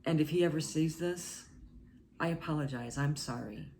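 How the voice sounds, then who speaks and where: A woman vlogger speaking in short, halting, earnest phrases in a confessional talk to camera. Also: sits low, darkish tone, a little hiss or hum.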